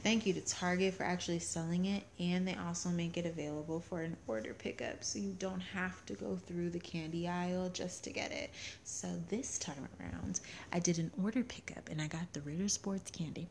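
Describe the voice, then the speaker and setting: A woman's voice: on the low side, fairly quick, creaky, darkish tone, a little hiss or hum. A young woman co-hosting a casual chat show, telling family stories in a chatty way and laughing often. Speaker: podcast co-host.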